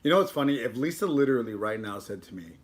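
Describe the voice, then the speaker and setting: A man's voice: medium pitch, lively intonation, quick pace. A man hosting a casual live stream, rambling and joking while he talks to his dog and to the chat. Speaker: livestream host.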